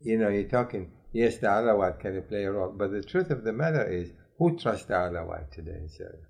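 A man's voice: fairly low pitch, lively intonation, brisk, vocal fry, darkish tone. A male interviewer in a news discussion, questioning in a skeptical, emphatic way.

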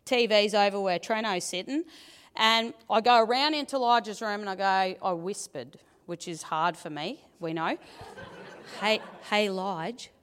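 A woman's voice: mid-range voice, measured pace, clear, resonant tone. Chatty woman telling a story. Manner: chatty, animated storytelling with laughs. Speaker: church member sharing testimony. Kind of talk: testimony from the stage. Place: large church auditorium. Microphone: handheld microphone. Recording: long church hall reverb.

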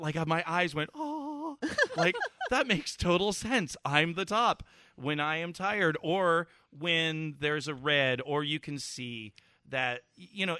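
A man co-hosting a podcast, telling stories in a profane, excitable, joking way. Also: on the high side, dry recording, clean studio sound. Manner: excitable, profane storyteller, fast and loud. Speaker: podcast co-host. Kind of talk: casual chat.

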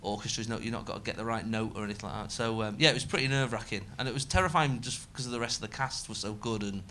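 A man, a comedian chatting casually as a guest, rambling and self-mocking with bursts of loud laughter. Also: mid-range voice, rapid-fire, a little hiss or hum. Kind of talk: casual podcast chat.

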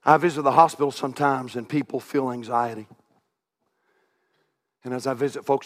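A middle-aged pastor, preaching a sermon from the pulpit that swings from loud shouts to hushed, quiet asides. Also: male voice, medium pitch, fairly even intonation, a little fast, pauses often, big-room sound. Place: church sanctuary.

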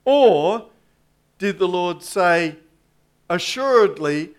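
A male preacher with a high voice delivers a sermon at an unhurried pace. He talks deliberately to his congregation and slips in dry asides. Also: a bit bright. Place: church congregation.

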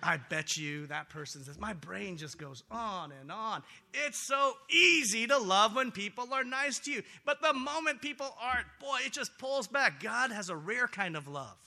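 A man preaching a sermon in a church, animated and conversational, swinging between loud excitement and quiet earnest talk. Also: high-pitched, gravelly. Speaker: pastor. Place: church sanctuary.

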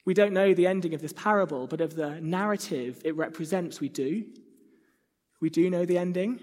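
A man's voice: sits high, moderate pace, darkish tone. A man preaching a sermon, earnest and conversational, now and then acting out a whiny child. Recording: reverberant hall.

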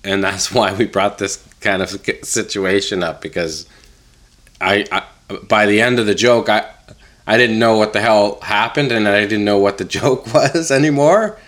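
A man's voice: on the low side, normal speed, fairly bright tone. A man co-hosting a podcast, chatting casually and groaning in exasperation. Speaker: podcast co-host. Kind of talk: casual chat.

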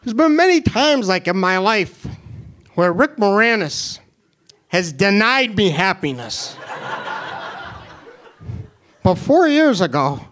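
A young man with a New York accent telling a funny personal story, animated and self-deprecating, with halting restarts. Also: high voice, slight background noise. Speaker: storyteller and comedian. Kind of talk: comedic personal story told to an audience.

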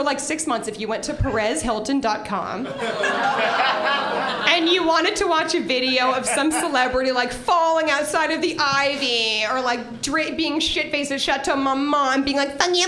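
A young woman telling a funny story on a live stage, laughing and acting out her own screams as she goes. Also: high voice. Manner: animated, laughing, acts out screams. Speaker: storyteller guest. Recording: roomy live venue with crowd. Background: audience.

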